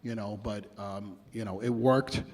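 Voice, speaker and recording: A man's voice: fairly low pitch, fairly even intonation, unhurried. A man, a music producer telling blunt, profane stories in an interview. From New York. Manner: blunt and heavily profane, acts out quotes. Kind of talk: casual interview storytelling.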